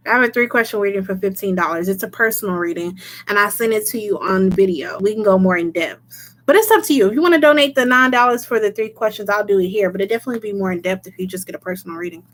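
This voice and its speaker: A woman's voice: mid-range voice, fairly bright tone. A woman doing a casual livestream as a tarot reader, chatting, laughing often and greeting viewers by name.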